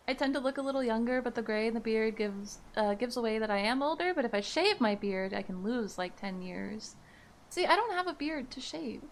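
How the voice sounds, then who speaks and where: Chatty streamer woman, fairly high voice. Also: gravelly. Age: 30s. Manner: chatty, laughs easily, reads chat aloud. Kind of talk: casual live-stream chat with viewers.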